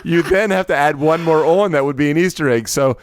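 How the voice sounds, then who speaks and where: A man's voice: fairly high pitch, fairly quick, noisy background. A man co-hosting a podcast in casual chat, jokey and restarting his sentences. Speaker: podcast co-host.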